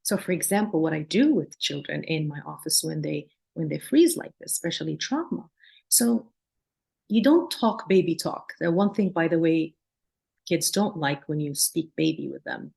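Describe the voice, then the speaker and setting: A woman's voice: sits low, expressive, normal speed, vocal fry, a little mellow. Earnest woman psychologist teaching. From Palestine, raised in Jordan. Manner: earnest, explanatory, demonstrates soothing sing-song tones. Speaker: psychologist and lecturer. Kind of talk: teaching a workshop.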